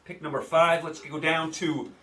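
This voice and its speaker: A man with a New York accent hosts his own show of football betting picks, hammering his opinions home by saying them again and again. His voice sits a little high for a man and sounds slightly off the mic. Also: level tone, moderate pace, fairly bright tone, recorded from a distance. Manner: opinionated, repeats himself for emphasis. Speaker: sports picks host. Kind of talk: casual sports betting commentary.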